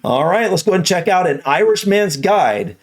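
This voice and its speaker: A man hosts a casual reaction chat with his wife, animated and game to try out sounds. His slightly high voice swings widely in pitch. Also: brisk. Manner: animated, playfully trying out sounds. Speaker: reaction channel host.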